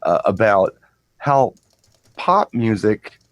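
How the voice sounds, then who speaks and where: A middle-aged man with a low voice, chatting on a show. He rambles through an anecdote and trips over repeated words. The sound is close and dry. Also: sing-song, takes it slowly, dry recording, highs cut off. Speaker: co-host and DJ. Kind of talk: casual chat, storytelling.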